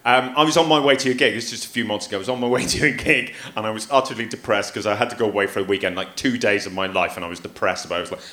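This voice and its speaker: A man's voice: fairly low pitch, very fast, few pauses. A man, a comedian guest, telling comic stories with lots of voices and laughter on stage. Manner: animated, acts out voices, laughs often. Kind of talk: comic storytelling. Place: theatre stage before a live audience. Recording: echoey live theatre.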